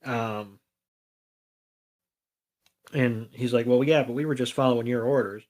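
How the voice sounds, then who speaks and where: A man's voice: medium pitch, a little slow. A man co-hosting a podcast, casually retelling a cartoon episode with frequent ums and acted-out quotes. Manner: relaxed retelling with many ums and quoted lines. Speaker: podcast co-host.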